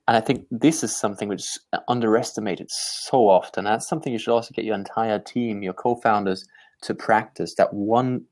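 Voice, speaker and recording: A man from Austria whose first language is German, a guest on a live online talk giving startup pitch advice in an emphatic, energetic way. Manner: energetic, emphatic, repeats words when starting a point.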